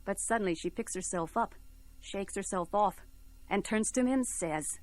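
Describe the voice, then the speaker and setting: A woman's voice: medium pitch, normal speed, a little mellow, soft background music. A woman telling a folk tale in a playful, rhythmic, musical way. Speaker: storyteller.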